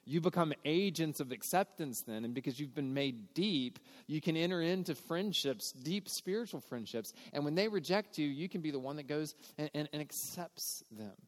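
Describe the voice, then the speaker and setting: A fairly high-pitched man preaches in a conversational, earnest manner, slipping into the voices of the people he quotes. His voice rings out with the long reverb of a large church hall. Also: lively intonation, moderate pace, hardly any pauses. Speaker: pastor. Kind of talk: sermon.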